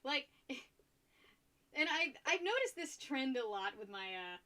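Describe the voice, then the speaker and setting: A young woman streaming while she paints, chatting casually, rambling and laughing often, and getting loud when excited. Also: sits high, takes it slowly.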